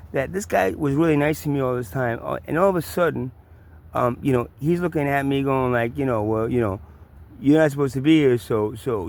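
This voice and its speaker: A man's voice: mid-range voice, creaky. A man with a New York accent tells a personal story in a rambling, profane way, full of restarts and repeats. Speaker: vlogger. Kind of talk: casual storytelling.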